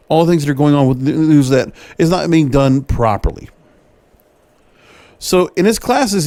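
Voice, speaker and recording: Brief: male podcast host, fairly high and lively voice, reads quotes and comments in a close, dry recording. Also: no echo. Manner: reads quotes aloud then adds his own opinions, with restarts. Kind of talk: solo commentary reading and reacting to an article.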